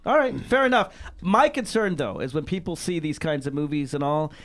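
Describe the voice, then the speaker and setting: A man's voice: a little high, lively intonation, brisk, a bit bright. A man hosting a radio talk show, pressing his guests with questions and cutting in.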